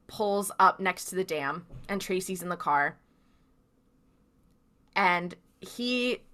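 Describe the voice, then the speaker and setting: A woman's voice: on the low side, fairly bright tone. A woman podcast co-host casually recapping a TV episode, chatty, with lots of fillers. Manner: chatty, filler-heavy retelling with quoted lines.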